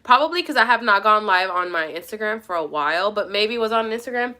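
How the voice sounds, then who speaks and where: Bright-voiced young woman ranting casually. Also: mid-range voice, expressive, fast. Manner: swears a lot, rambling and emphatic. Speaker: vlogger. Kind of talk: casual rant to viewers. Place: at her mother's home.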